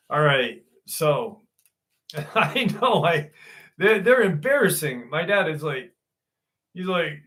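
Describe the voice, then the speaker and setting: A man hosts a live stream and tells a rambling story in an unhurried, drawn-out way. His voice is bright and forceful, and he swears and laughs often between lines. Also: on the high side, expressive. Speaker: host. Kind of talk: casual live-stream chat.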